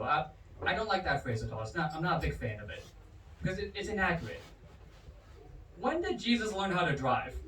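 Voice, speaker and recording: A man doing a stand-up comedy set at a bar comedy night, animated and swinging his pitch hard for punchlines. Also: a little hiss or hum. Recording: roomy, distant bar recording with audience. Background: crowd laughter.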